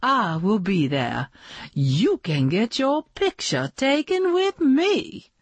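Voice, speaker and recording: A woman's voice: fairly high pitch, big pitch swings, slow, slightly rough, no echo, voice pushed up, heavily acted. A woman voicing a glamorous, gracious lady dog who is a movie star, speaking in a grand, theatrical way.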